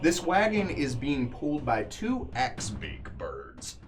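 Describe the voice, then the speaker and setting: A man narrating a tabletop game as game master in a descriptive, relaxed way. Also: mid-range voice, slow.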